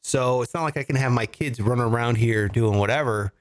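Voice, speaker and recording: A man's voice: medium pitch, a little fast. A man hosting a casual comedy podcast from home, joking and laughing through playful rants. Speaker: podcast host. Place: home studio.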